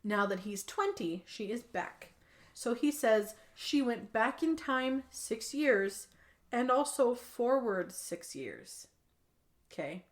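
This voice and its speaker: A woman hosts a relaxed podcast and retells a film scene by scene. Her talk is loose and chatty, full of "like" and casual swearing. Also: on the high side, slow. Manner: animated storytelling, swears freely, says 'like' often. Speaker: podcast host. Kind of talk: casual movie recap chat.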